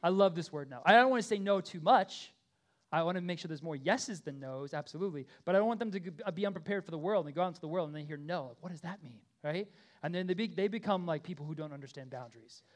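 A pastor in his thirties, his voice a touch high for a man, preaches a sermon as if chatting with the congregation, earnestly checking in with "okay?" and "right?" He swings between loud, insistent pleas and quiet, low asides.

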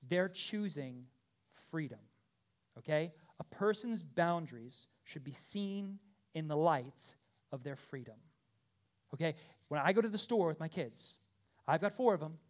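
Earnest and conversational, this thirty-something pastor with a slightly high male voice keeps tossing "right?" and "okay?" to his congregation during the sermon. Some appeals ring out loud and emphatic, while his asides drop soft and low.

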